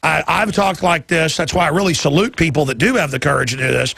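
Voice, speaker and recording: A man's voice: on the high side, fast, vocal fry, fairly bright tone, slightly rough, no echo. A man hosting a talk radio show, delivering heated, emphatic commentary.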